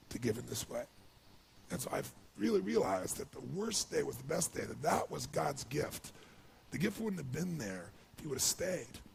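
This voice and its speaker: A man speaks to an audience in a deeply gravelly, rough voice. He tells his story with feeling and swings up into excited, loud stretches. Faint ambient noise sits under the recording. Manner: emotional storytelling, builds to excited highs. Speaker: motivational speaker. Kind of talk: speech to an audience.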